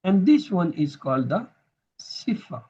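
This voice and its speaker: A man's voice: high voice, very animated, a little slow, mellow, husky, highs cut off. A man teaching grammar in a recorded lesson, patiently repeating each term so students can drill it.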